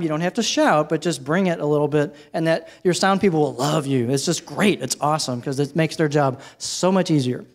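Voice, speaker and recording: A man leads a live workshop on microphone technique, and his voice sits a little high for a man. He talks in a relaxed, conversational way and turns to the audience with questions. He is heard through handheld and headset microphones in a room with a sound system. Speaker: presenter teaching microphone technique. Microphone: handheld and headset microphones, switched during demo.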